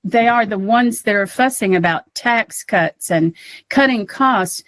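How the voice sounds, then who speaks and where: A woman's voice: mid-range voice, unhurried, fairly bright tone, dry recording. An American woman co-hosting a political talk podcast, speaking emotionally and near tears. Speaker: podcast co-host. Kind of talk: casual political chat.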